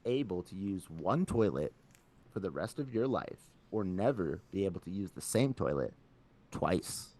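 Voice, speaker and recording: A man's voice: sits low, animated, moderate pace, warm tone. A man co-hosting a casual podcast, joking around and laughing often as he talks. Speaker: podcast co-host.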